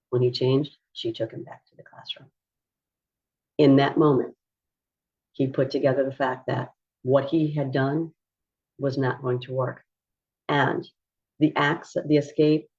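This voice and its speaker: A woman who coaches parents on autism, explaining behavior strategies in a calm, measured teaching style. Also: very deep voice, husky. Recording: dull lo-fi recording.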